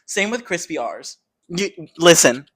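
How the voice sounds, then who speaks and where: A woman's voice: lowish voice, lively intonation, measured pace, a bit bright, slightly rough. A teenage girl co-hosting a podcast with friends. She rambles through her points with lots of "like" and side tangents. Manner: rambling, full of likes and tangents. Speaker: podcast co-host. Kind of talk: casual chat.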